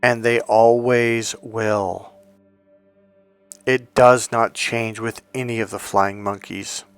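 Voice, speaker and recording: A man's voice: fairly low pitch, steady tone, slow, clear, resonant tone, faint music behind. A man giving an intense, blunt and profane motivational talk as a relationship coach. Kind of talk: motivational vlog monologue.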